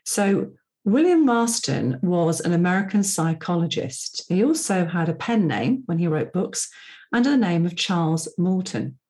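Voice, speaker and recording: A middle-aged woman talks through a solo podcast episode. Her voice sits a little low for a woman. She speaks in a chatty, personal way and drifts into asides. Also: sing-song, a little slow, a little mellow. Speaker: podcast host and personality profiling coach. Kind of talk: casual solo podcast talk.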